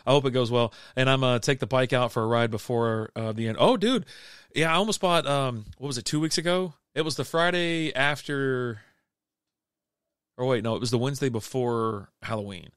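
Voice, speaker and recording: A man's voice: mid-range voice, normal speed, fairly bright tone, clean tone, no room sound, studio quality. A middle-aged man hosting a casual beer livestream, chatting loosely and reading comments aloud, full of fillers and restarts. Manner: rambling, laid-back, lots of fillers and restarts. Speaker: livestream beer show host.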